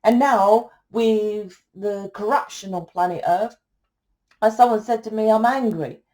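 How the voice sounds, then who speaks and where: A woman's voice: medium pitch, steady tone, measured pace, warm tone, rough recording. Blunt woman ranting. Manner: blunt, swearing, rhetorical questions. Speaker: tarot reader. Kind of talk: ranting monologue to camera.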